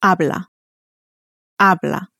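A woman's voice: fairly low pitch, slow pace, vocal fry, sharp tone, no echo, studio quality. A woman in an audio language lesson, modeling each answer by saying it twice. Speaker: native speaker modeling answers.

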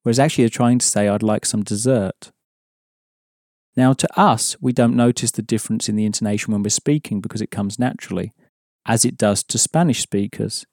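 Male language tutor, mellow and steady, dry studio read, patient and explanatory. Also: on the low side, a little fast, no room sound. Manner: patient, explanatory, prompting the listener. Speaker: language teacher. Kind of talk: audio language lesson.

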